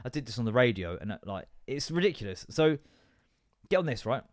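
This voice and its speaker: A man's voice: medium pitch, sing-song, fairly quick, no room sound, studio quality. A young man hosting a podcast, ranting casually and swearing a lot as he rambles between asides. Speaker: podcast host. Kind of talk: casual comedic rant.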